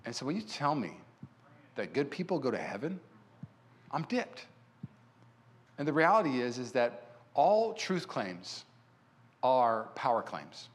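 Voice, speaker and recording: A male pastor preaching a sermon in a church, telling stories in an animated way and acting out what people said. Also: mid-range voice, a little slow, pauses often. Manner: animated storyteller who acts out quotes. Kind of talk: sermon with personal storytelling.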